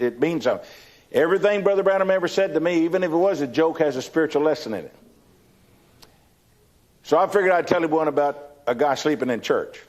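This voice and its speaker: A folksy older man with a Texan drawl, telling a story from the pulpit. His voice sits a bit high for a man, and he tends to repeat a word or two before getting a sentence going. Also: a little mellow. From Texas. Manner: folksy, anecdotal, repeats words when starting sentences. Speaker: preacher giving a testimony. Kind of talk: storytelling sermon.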